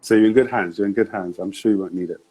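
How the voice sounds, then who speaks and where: A man's voice: on the low side, fast, warm tone, slightly rough. A man hosting a live-streamed interview show, talking in an upbeat, chatty way with slang. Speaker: host.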